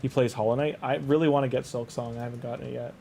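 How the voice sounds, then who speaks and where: A man's voice: mid-range voice, steady tone, rapid-fire, creaky, dark tone, a little hiss or hum. A young Canadian man with a Canadian accent, chatting casually on a game stream, rambling and restarting his sentences as he goes. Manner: rambling, leans on "like", frequent restarts. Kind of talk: casual live-stream chat.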